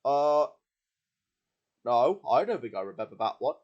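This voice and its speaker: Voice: medium pitch, very animated, darkish tone. A performer voicing a friendly, hesitant male bear puppet in a homemade show. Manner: hesitant, slow on the uptake. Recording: slightly dull lo-fi sound.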